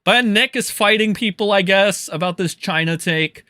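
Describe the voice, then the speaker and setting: A man's voice: high-pitched, normal speed, sharp tone, clean tone, no room sound. A man doing profane live-stream commentary, mocking and crude, swearing and laughing often.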